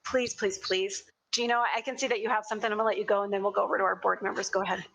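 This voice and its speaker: A woman's voice: mid-range voice, steady tone, very fast, gravelly, a bit bright, low-quality recording. A woman in her forties chairing a virtual school board meeting from her home, speaking in an earnest, emotional, rambling way over a video call.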